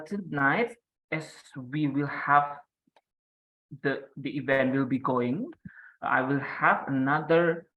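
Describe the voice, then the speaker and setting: A man, moderating an online debate event in a playful, relaxed way over a video call. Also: medium pitch, poor audio. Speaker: chief moderator.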